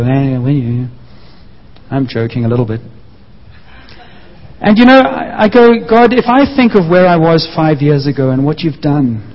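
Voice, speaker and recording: A man preaching a sermon, sharing his own story in an earnest, personal way. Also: on the high side. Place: church. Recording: muffled echoing church hall.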